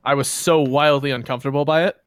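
A man co-hosting a podcast in casual chat, bantering with deadpan jokes. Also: medium pitch, quick pace, clean tone, no echo. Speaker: podcast co-host.

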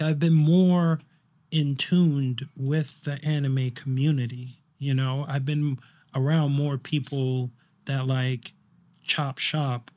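A man's voice: medium pitch, darkish tone. A young man chatting casually on a podcast, telling a story in a rambling way with lots of fillers and restarts. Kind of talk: casual chat.

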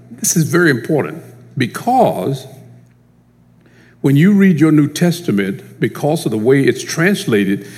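Animated preacher man in a reverberant hall. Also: a little high. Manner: animated, emphatic, swings from loud to hushed prayer. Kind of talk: sermon teaching.

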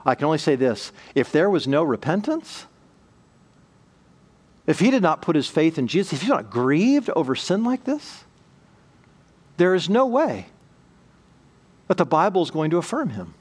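A middle-aged pastor preaching a sermon with emphatic, repeating bursts of speech. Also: male voice, a little high, big pitch swings, normal speed, pauses often, a little mellow, husky.

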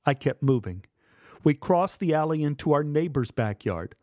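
A man telling a first-person memoir story in a measured, dramatic way. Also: a little high, expressive, a little mellow, dry recording, clean studio sound. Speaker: narrator.

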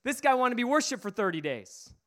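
A man's voice: extremely high pitch, sing-song, fairly quick, fairly bright tone. A man preaching a sermon, retelling a story emphatically with repeated phrases.

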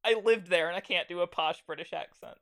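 A woman co-hosting a comedy podcast, giggly and rambling, going off on quick tangents. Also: on the low side, creaky, no echo. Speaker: podcast co-host. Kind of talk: casual comedic chat.

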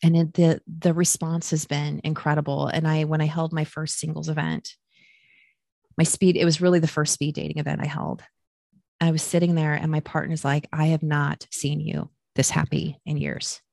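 Low-voiced woman, lively storyteller. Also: moderate pace, creaky, no echo, clean studio sound. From Midwest United States. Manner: animated storyteller, acts out quotes with raised pitch. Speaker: matchmaker and guest. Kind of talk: casual podcast interview.

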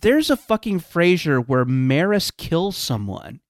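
A man's voice: on the high side, very animated, measured pace, no room sound, clean studio sound. A man bantering wryly in a casual comedy podcast chat, often laughing. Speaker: podcast co-host.

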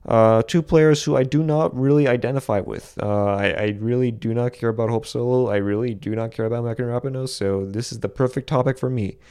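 Smooth-voiced young man, rambling podcast host. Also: medium pitch, fairly quick, hardly any pauses, mellow. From Boston, USA. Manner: rambling, with frequent restarts and self-corrections. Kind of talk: solo podcast commentary.

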